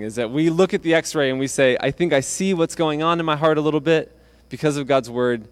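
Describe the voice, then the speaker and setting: A man preaching a sermon in a conversational way, often restarting phrases and acting out quotes from the text. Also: medium pitch. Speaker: pastor.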